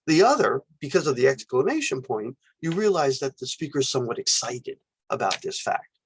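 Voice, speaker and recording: A man's voice: mid-range voice, big pitch swings, brisk, slightly rough. A man lecturing on philosophy, explaining ideas step by step and acting out example phrases with exclamations. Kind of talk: recorded university lecture.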